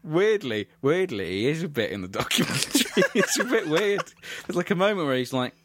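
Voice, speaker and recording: A man's voice: on the high side, big pitch swings, fairly quick, few pauses, a bit bright. A man hosting a podcast, rambling through stories with lots of giggles. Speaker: podcast host. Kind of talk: casual chat.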